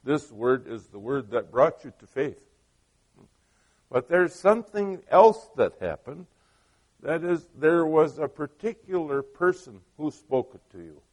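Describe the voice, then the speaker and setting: Slow-talking middle-aged preacher, man. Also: a little high, big pitch swings. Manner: conversational storytelling with many asides; asks the listeners questions. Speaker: pastor. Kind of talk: sermon.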